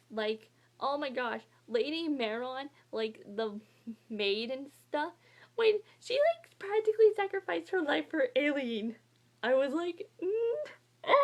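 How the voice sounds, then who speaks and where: Gushing young woman doing a book vlog. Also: on the high side. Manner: gushing, breathless, swings between whispers and squeals. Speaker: book vlogger. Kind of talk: excited casual book talk.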